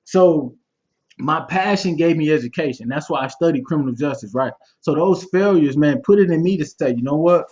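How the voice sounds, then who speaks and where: A young man speaks with passion in a loose, conversational way, circling back on his words as he talks. His voice sits on the high side. The sound is dull and muffled, like audio from a live stream. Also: a little fast, a little mellow. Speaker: guest speaker. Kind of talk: candid motivational talk.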